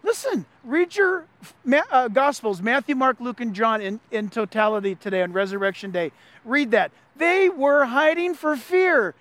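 Pastor guy preaching, super high voice, emphatic and repeats himself a lot, dry sound. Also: moderate pace, dry recording. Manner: emphatic, animated preaching with many repeated phrases. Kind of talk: Easter sermon.

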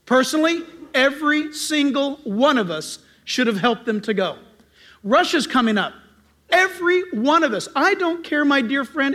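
A middle-aged man preaching from the pulpit with a strikingly high voice that swoops up and down. His tone is bright and ringing, and he tells his stories with animated energy, acting out greetings loudly. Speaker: pastor. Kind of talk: sermon.

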